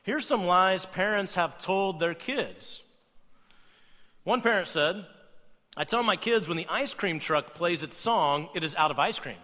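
Man, high voice, playful sermon, long hall reverb. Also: measured pace. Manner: playful, animated, acts out quoted voices. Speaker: pastor. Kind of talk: sermon with humor.

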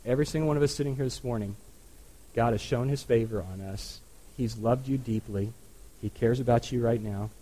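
A man's voice: mid-range voice, darkish tone, low-quality recording. A man preaching a sermon to a congregation in an earnest, conversational way, often adding asides. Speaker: pastor. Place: church.

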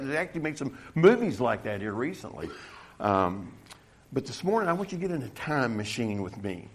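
A middle-aged man delivering a sermon in a mid-range voice. His talk halts and restarts, with self-deprecating asides. He swells to a forceful, emphatic tone whenever he reads scripture aloud. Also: medium pitch. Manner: halting, stumbling restarts, self-deprecating humor; rises loud and emphatic when reading scripture. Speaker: pastor.

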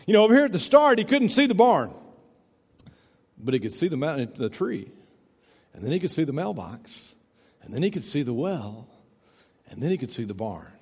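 A man's voice: fairly high pitch, big pitch swings, normal speed, pauses often, darkish tone, slightly rough, long reverb tail. A middle-aged man preaching a folksy, conversational sermon, often saying "you know," in a church. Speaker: pastor.

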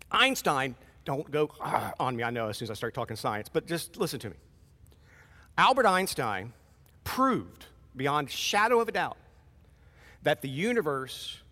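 A man preaching a sermon in a conversational, animated way, acting out short quoted exchanges. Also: high voice, big-room sound. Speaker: pastor.

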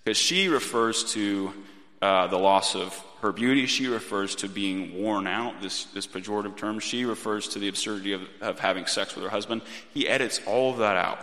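A man in his thirties preaching a sermon in a gentle, reflective way, often restarting his phrases. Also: fairly low pitch, moderate pace. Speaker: pastor. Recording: long reverb of a church hall.

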